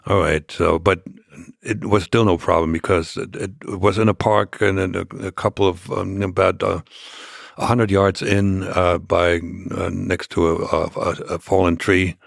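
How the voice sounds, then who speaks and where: Deep gravelly older man telling a story. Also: little pitch movement, no room sound, studio quality. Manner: halting, many restarts and fillers. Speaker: interview guest. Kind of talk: storytelling in a podcast interview.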